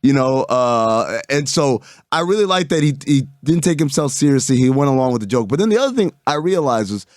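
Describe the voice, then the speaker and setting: A man from Arizona, a regular on a sports talk show, chatting casually, animated and laughing between thoughts. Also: mid-range voice, no room sound, clean studio sound. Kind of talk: casual chat.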